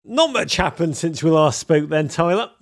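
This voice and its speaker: A man's voice: a little high, lively intonation, normal speed, gravelly. A man hosting a podcast interview in a jokey, theatrical way. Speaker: podcast host. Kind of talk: playful interview.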